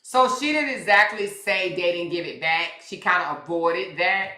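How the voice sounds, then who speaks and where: A woman's voice: lowish voice, moderate pace, bright, forceful tone, roomy sound. A woman hosting a casual livestream, talking bluntly and with plenty of profanity straight to her viewers. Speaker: livestream commentary host.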